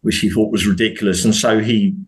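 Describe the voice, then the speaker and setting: Brisk and fairly low-pitched, a British podcast guest talks casually and animatedly. He often starts over, and his indignant questions shoot upward sharply.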